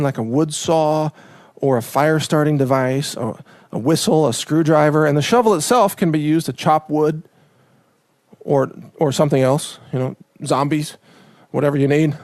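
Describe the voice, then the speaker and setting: A preparedness show host from Texas talks casually in a slightly high, somewhat mellow male voice. He rambles, cracks jokes between tips, and promotes himself, and the recording is clean studio sound with no echo.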